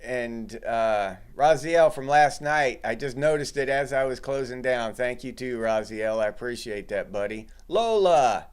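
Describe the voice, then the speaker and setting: Middle-aged man, livestream host, unhurried delivery, smooth clear voice, chatty and relaxed. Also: medium pitch. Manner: relaxed, chatty, reads and greets chat viewers. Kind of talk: casual livestream chat.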